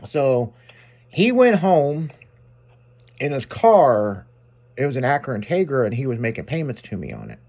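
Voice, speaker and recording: A man's voice: medium pitch, huge pitch swings, unhurried, long pauses, darkish tone. Brief: male talk show regular, rowdy storyteller, curses freely, laughs through his anecdotes. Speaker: shop owner telling stories on a show. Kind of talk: casual storytelling chat.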